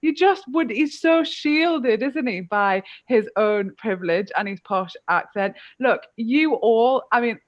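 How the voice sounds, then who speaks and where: A woman's voice: a little high, animated, slow pace, hardly any pauses, dry recording, dull audio. A woman hosting a live online fundraiser, self-deprecating and grateful. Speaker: host. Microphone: video call.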